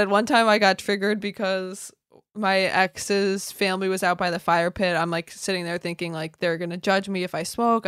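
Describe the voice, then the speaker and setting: A young woman co-hosting a casual chat, telling lively stories and jumping into high voices when she quotes people. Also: clean tone, no room sound, studio quality. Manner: animated storyteller who jumps into squeaky high voices for quoted people. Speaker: podcast co-host.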